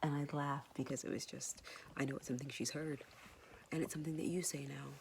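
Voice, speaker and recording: A woman whispering a soft, hesitant, tender and apologetic personal message to her son, pausing often. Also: extremely low pitch, fairly even intonation, vocal fry, a little hiss or hum. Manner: soft and hesitant, many pauses and fillers. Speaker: mother speaking to her son.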